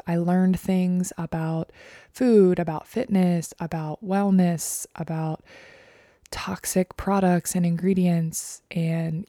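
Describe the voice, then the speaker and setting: Woman podcast host in her 30s, heartfelt and soft-spoken, lowish voice, dry close mic. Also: no echo. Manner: earnest and emotional, often soft and breathy. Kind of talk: personal podcast monologue.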